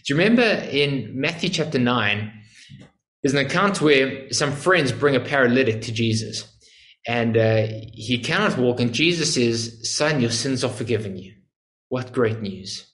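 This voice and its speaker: A man's voice: medium pitch, lively intonation, normal speed, a bit bright. Earnest male preacher, echoey room. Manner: earnest, explanatory, with emphatic rhetorical questions. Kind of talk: sermon.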